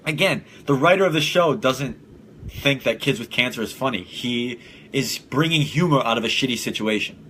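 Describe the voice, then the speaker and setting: A young man talks bluntly and swears freely as he hosts a casual solo podcast, now and then laughing at his own jokes. His voice is bright and forward. Faint noise hums under the home recording. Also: mid-range voice, lively intonation, normal speed. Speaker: podcast host.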